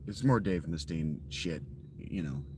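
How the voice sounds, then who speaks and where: A man's voice: extremely low pitch, measured pace, background noise. A man streaming a survival game live, chatting casually with viewers in a dry, offhand, often profane way. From Ohio.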